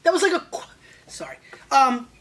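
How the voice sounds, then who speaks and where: A man hosting a casual wine tasting video, joking and excitable, jumping between loud bursts and muttered asides. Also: normal speed. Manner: excitable, joking, big swings in pitch and loudness; talks to the camera and an off-screen helper. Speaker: wine show host.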